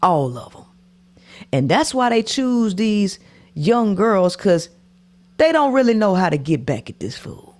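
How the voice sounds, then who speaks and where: A woman's voice: medium pitch, big pitch swings, unhurried, darkish tone. A woman commentating on a podcast clip in a preachy way, repeating her points and often dropping to a whisper. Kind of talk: reaction commentary.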